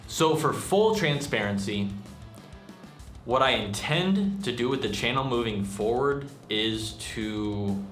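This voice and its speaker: A man's voice: mid-range voice, animated, slow pace, a bit bright. Rambling young man in an echoey room. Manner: rambling and self-deprecating, with many fillers. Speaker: channel host and musician. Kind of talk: casual vlog update. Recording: echoey room with faint music.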